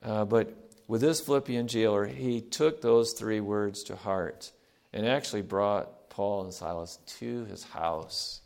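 A middle-aged man preaching a sermon in an earnest, emphatic way, repeating key phrases, asking the congregation to fill in words, and swinging between loud and soft. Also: on the low side, unhurried, vocal fry. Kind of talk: sermon with call-and-response.

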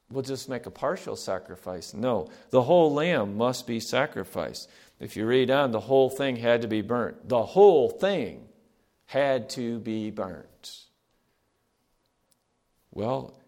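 In a call-and-response sermon, a middle-aged man with a medium-pitched voice preaches earnestly and emphatically. He repeats key phrases, invites the congregation to supply missing words, and shifts between loud and quiet.

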